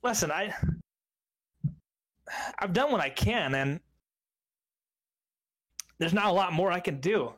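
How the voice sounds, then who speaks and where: A man's voice: sits high, animated, slow, pauses often, fairly bright tone, pitched above the performer's own voice, heavily acted. A man doing a stammering, jittery security guy. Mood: nervous. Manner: nervous, stammering, pleading. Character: nervous male security contractor.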